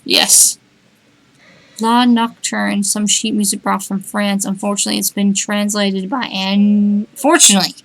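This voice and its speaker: A woman streaming a game live, reading the game's text aloud and chatting, reacting out loud and talking to her cat. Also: mid-range voice, little pitch movement, measured pace, vocal fry, rough recording.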